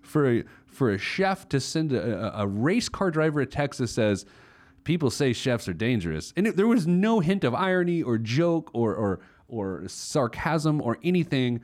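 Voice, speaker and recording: A man's voice: fairly high pitch, sing-song, normal speed, few pauses, darkish tone. A man hosting his own podcast, telling a story casually, full of fillers, restarts and laughter. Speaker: podcast host. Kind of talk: casual chat.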